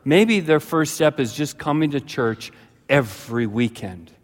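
A man preaching a sermon as pastor, telling a childhood story with lively acted-out voices. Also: measured pace. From British Columbia, Canada. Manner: animated storyteller, jumps to high frantic voices when acting out his childhood self. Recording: long reverb of a large hall.

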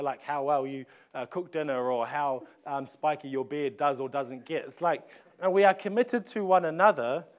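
A man's voice: a little high, smooth. A man, preaching a sermon in a conversational way, often restarting phrases and asking rhetorical questions. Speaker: pastor.

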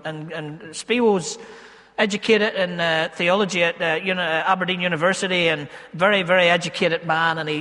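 A man, a pastor preaching a sermon in church, moving between loud emphasis and hushed, slowed asides. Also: sits high. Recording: long hall reverb.

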